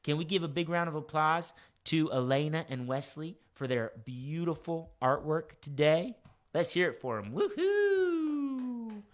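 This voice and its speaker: Gentle, encouraging children's show host man. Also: on the high side, moderate pace. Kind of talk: live-streamed kids' music show chat.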